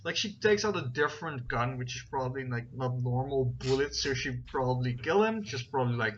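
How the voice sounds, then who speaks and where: Brisk and animated at a medium pitch, this game master narrates a tabletop session over voice chat, rambling through fillers and reading rules aloud mid-stream. The voice chat sounds dull and lo-fi, with faint noise.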